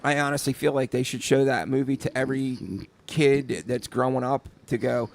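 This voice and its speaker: A man chatting loosely on a podcast about tattooing, circling back with stumbles and fillers. His voice has a gravelly fry at the bottom, set at a middle pitch for a man. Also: normal speed. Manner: rambling, repeats words, many fillers. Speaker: podcast co-host, tattoo artist. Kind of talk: casual chat.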